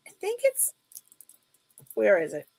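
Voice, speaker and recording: A middle-aged woman chatting casually while selling jewelry on a live sale, telling stories in an animated way. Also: mid-range voice, slow pace, gravelly, husky, dry recording.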